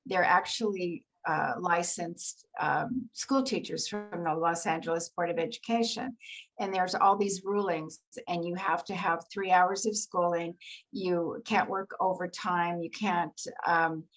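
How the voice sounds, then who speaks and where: Older woman telling lively anecdotes. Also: on the low side, unhurried, poor audio. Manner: animated anecdotal storytelling with laughs. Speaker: guest actress. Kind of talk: storytelling in an interview.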